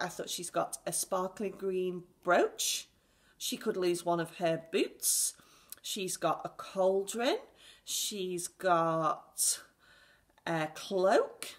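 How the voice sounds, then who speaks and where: A woman with an English accent teaching a recorded lesson for young children, clear, patient and encouraging. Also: mid-range voice, recorded from a distance. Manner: clear, patient and encouraging, reads story lines aloud with emphasis. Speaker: primary school teacher. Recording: echoey room, speaker away from the mic.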